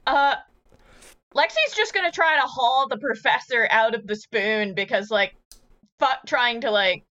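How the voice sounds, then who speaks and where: Bright, chatty woman playing a tabletop game. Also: on the high side, lively intonation, unhurried, highs cut off. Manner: giggly, chatty. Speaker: player. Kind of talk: casual tabletop play.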